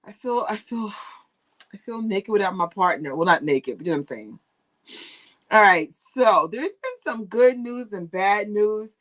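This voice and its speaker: A woman hosting a casual fan news livestream, chatty and animated, laughing often, recorded on a tablet's built-in mic. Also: medium pitch, normal speed. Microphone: tablet used as camera.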